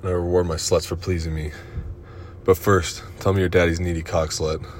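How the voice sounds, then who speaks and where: A man performing an erotic audio role-play in a dominant, commanding and profane manner, with breathy moans between lines. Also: sits low, level tone, moderate pace, slight background noise.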